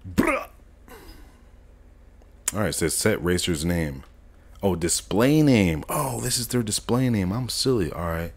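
Low-voiced laid-back streamer guy. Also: animated, a little slow, long pauses. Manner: laid-back slangy talk, thinks aloud and corrects himself. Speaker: gaming streamer. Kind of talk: live modding tutorial, casual chat.

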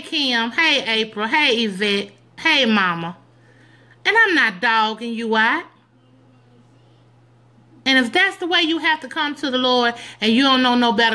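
A middle-aged woman giving sassy, teasing comedic church advice to her viewers, animated and preachy with loud whoops. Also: a little high. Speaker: comedic commentator addressing live viewers.

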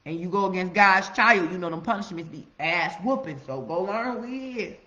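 A woman giving a casual, profane motivational monologue, preaching with loud emphatic outbursts. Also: on the low side, expressive, moderate pace. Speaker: motivational vlogger. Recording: roomy, slightly muffled recording.

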